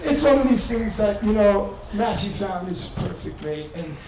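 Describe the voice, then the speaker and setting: A man's voice: sits high, animated, normal speed. An older man from New York, the father of the groom, giving a rambling, folksy wedding speech. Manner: rambling, folksy, warm-hearted. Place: wedding reception hall. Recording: echoey hall from far off, crowd noise.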